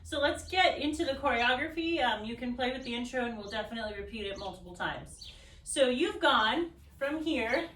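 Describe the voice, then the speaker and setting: In an echoey room, a woman with a high, fairly bright voice teaches a belly dance routine, picked up from a distance with a little hiss or hum. She counts the beats aloud and hums the rhythms in syllables as part of her dance tutorial.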